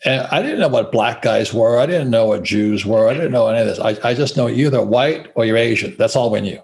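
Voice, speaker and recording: A man's voice: mid-range voice, brisk, a little hiss or hum. A man in his seventies from Hawaii, a guest in an interview, telling blunt stories with profanity and laughter. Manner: profane, animated storytelling, laughs while talking. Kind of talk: blunt casual interview talk.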